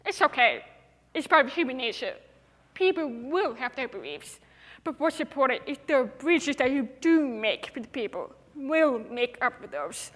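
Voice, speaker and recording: A woman's voice: sits high, sing-song, moderate pace. A young woman with a deaf speaker's accent, giving an earnest, emphatic inspirational talk on stage. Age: young adult. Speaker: TEDx speaker. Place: large hall. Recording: reverberant hall.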